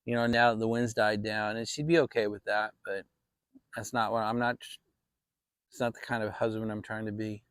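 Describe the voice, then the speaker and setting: A man's voice: on the low side, flat delivery, normal speed, fairly bright tone, clear, resonant tone, no room sound, clean studio sound. A man hosting a casual fireside chat vlog, talking in a rambling, reflective way with many restarts. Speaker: channel host.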